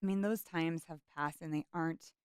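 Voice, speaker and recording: A woman hosting an interview show, talking passionately and quickly in bursts. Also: low voice, a little mellow, clean tone, no echo, studio quality. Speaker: host. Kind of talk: heartfelt interview talk.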